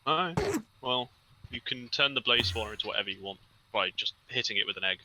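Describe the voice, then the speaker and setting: Man on voice chat, deadpan teaser, swoopy lively pitch, noisy line. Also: quick pace. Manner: deadpan teasing, drops into mumbled asides. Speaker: friend on voice chat. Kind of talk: casual banter.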